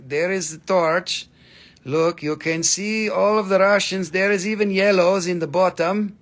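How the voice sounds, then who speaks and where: A man's voice: high-pitched, fairly bright tone. A man chatting casually and joking with viewers while selling mineral specimens on a livestream, swearing freely. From US East Coast. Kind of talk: casual live-sale chat.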